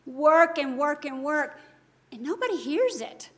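A woman's voice: sits high, animated, unhurried. A woman giving a devotional Bible teaching, earnest and emphatic, full of rhetorical questions.

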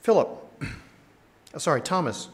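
Guy preaching a sermon, kinda high voice, chatty and animated, asks the crowd stuff. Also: slow. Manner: animated, conversational preaching with rhetorical questions. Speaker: pastor.

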